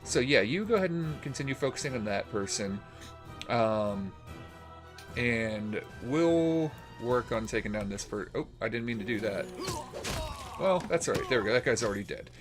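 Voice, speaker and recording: A man's voice: medium pitch, expressive, normal speed, music in the background. A man hosting a let's play, commenting casually on a role-playing game as he plays, rambling with fillers and restarts. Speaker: gaming channel host.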